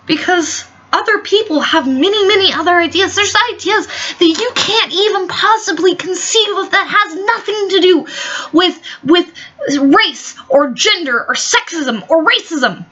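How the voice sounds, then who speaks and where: A woman's voice: extremely high pitch, lively intonation, unhurried, sharp tone. A woman ranting in a vlog, heated, sarcastic and full of swearing. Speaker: vlogger. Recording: dull lo-fi recording.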